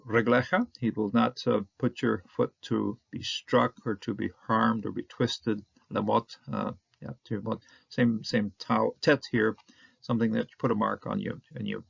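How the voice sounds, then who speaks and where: A man teaching a Hebrew Bible reading word by word, halting often with fillers and restarts. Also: mid-range voice, vocal fry, husky, dry recording. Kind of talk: Bible language lesson. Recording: dry, dull lo-fi.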